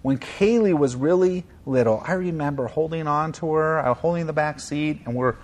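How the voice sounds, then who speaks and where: A man preaching a sermon, with a voice sitting somewhat high for a man. He talks earnestly and conversationally, drops to soft tones, then presses points with emphasis. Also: moderate pace, slight background noise. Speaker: pastor.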